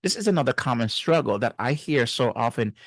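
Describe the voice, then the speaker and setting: A man's voice: mid-range voice, expressive, brisk, fairly bright tone, no room sound, clean studio sound. A middle-aged man, a marriage and family therapist, giving faith-based relationship advice in an earnest, teacherly way and speaking to the viewer directly.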